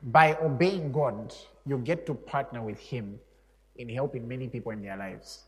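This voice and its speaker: A man's voice: mid-range voice, normal speed. Storytelling male preacher in echoey hall. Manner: conversational storytelling, chuckles often, animated. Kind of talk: sermon.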